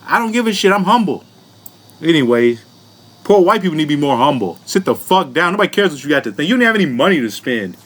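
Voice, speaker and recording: A man's voice: on the high side, big pitch swings, quick pace, fairly bright tone. A man giving a comedic commentary rant to his viewers, profane and mocking, laughing often and talking down to them. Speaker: vlogger.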